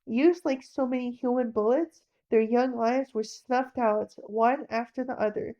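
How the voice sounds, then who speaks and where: A woman reads narration slowly and gently, as if telling a bedtime story. Her tone is mellow and unhurried. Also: a little high, highs cut off. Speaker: audiobook reader.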